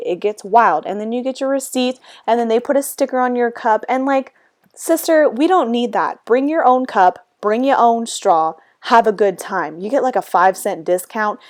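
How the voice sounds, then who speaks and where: A woman's voice: medium pitch, no room sound. A young woman rambles through a casual voiceover from her room, sassy and full of slang. She sounds a bit out of breath. The recording is dry and close, with no room sound. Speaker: vlogger.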